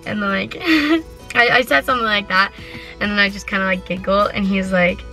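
A bright-toned teenage girl chats excitedly to her camera from a parked car. She giggles a lot and rambles, her speech full of fillers, over faint music. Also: mid-range voice, brisk. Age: teens. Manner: giggly, chatty, excitable, lots of likes. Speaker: vlogger. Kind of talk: casual vlog chat. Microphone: handheld camera.

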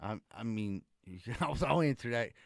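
A man's voice: mid-range voice, animated, a little slow, gravelly, no echo, clean studio sound. A young man with a Pittsburgh accent co-hosting a podcast, joking loosely and laughing often in casual crude banter. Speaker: podcast co-host.

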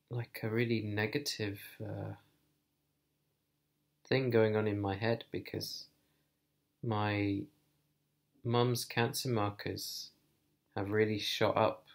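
A man talking to camera in a personal vlog, thoughtful and hesitant, thinking aloud with many pauses. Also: on the low side, steady tone, vocal fry. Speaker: vlogger.

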